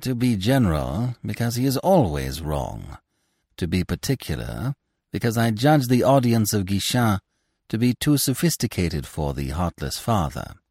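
A man's voice: lowish voice, very animated, normal speed, breathy edge, no echo, clean studio sound, voice pushed up, exaggerated voice. Wry little clown guy, teasing, voice jumps all over, a man putting him on. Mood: explaining. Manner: candid, gently mocking. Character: small, candid, wry male clown actor.

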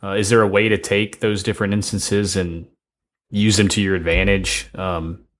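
Deep-voiced jokey male podcast host. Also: level tone, normal speed, a bit bright. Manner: jokey, enthusiastic, self-interrupting questions. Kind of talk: casual podcast interview.

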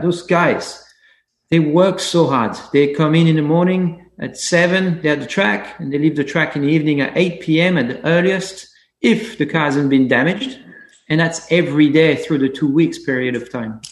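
Enthusiastic man in an echoey room. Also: on the high side. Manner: enthusiastic, halting restarts. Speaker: racing driver guest. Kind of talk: casual interview chat.

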